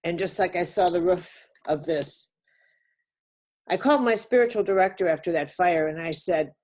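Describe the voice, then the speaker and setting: A woman telling a personal story on a webinar, earnest and halting, often restarting her sentences. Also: fairly low pitch, a little mellow. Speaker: webinar speaker.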